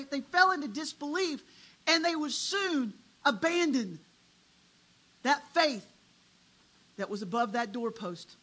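High bright preacher, dramatic sermon, quiet then loud. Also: poor audio. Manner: dramatic, swinging between hushed and loud.

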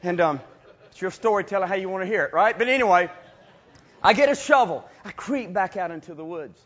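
Animated preacher, high bright voice. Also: male voice, a little fast, highs cut off. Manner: animated, shouting bursts and hushed asides. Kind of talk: sermon with comic storytelling.

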